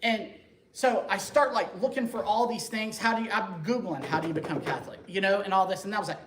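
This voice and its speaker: A man telling his conversion story to a parish group in a lively, joking, conversational way. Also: high-pitched, a little fast. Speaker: speaker giving a conversion testimony. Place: church meeting room. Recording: echoey room, faint background noise.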